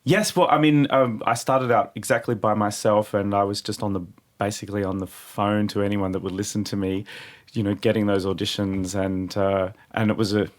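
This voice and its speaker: A man's voice: on the low side, fairly even intonation, brisk. A man, a guest opera singer in a radio studio, telling stories in an easygoing way and laughing often. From Australia. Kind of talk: radio interview. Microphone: studio microphone.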